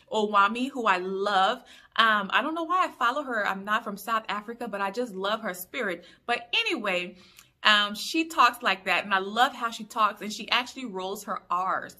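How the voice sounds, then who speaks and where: A woman's voice: medium pitch, sharp tone. A young woman from Liberia chatting through a casual TV episode recap, full of opinionated asides. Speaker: YouTube reviewer.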